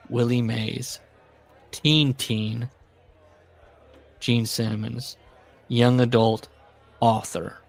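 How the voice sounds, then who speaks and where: A man's voice: mid-range voice, creaky. A man co-hosting a podcast, casually reading book passages aloud with sarcastic commentary. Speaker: podcast co-host.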